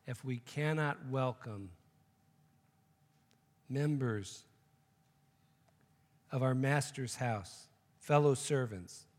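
A man's voice: medium pitch, very slow, pauses often, a little mellow, in a large hall. A man preaching a sermon, telling a joke story and then making emphatic, repeated points. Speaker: pastor.

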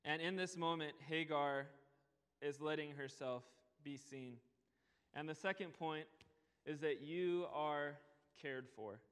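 A young man preaching a sermon in earnest tones, slowing down to press on key words. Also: a little high, fairly bright tone, smooth. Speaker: pastor. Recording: long hall reverb.

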